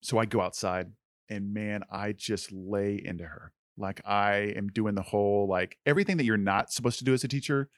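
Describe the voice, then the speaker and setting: Man, podcast co-host, earnest storytelling, lowish voice, dry close sound. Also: steady tone, moderate pace, no room sound. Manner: earnest, conversational, many "like" fillers.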